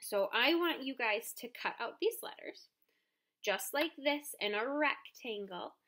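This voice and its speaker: A woman who teaches preschool, reading a picture book aloud and then walking young children through letters in a gentle, encouraging, sing-song way. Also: on the high side, lively intonation, a little slow.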